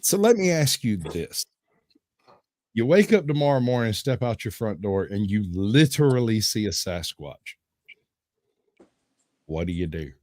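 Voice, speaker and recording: A man's voice: lowish voice, very animated, measured pace, pauses often, a little mellow, dry recording. A man hosting a casual podcast, playful and joking, laughing often. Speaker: podcast host.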